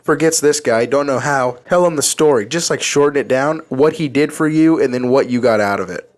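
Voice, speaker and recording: Male podcast co-host, loose and jokey, middle pitch. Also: brisk. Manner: joking, loose, sings lyrics in a flat voice. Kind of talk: casual chat.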